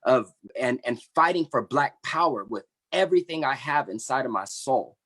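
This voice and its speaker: A man's voice: medium pitch, expressive, fairly bright tone, slightly rough. Earnest man telling his story. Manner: earnest, impassioned, with halting restarts. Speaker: membership coordinator of an activist group. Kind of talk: personal story told on an online panel.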